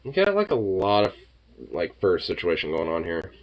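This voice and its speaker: A man's voice: low voice, wildly swooping pitch, normal speed. A man chatting casually, swearing freely and cooing at his pet in baby talk. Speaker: streamer. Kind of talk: casual chat while reading online posts and talking to a pet.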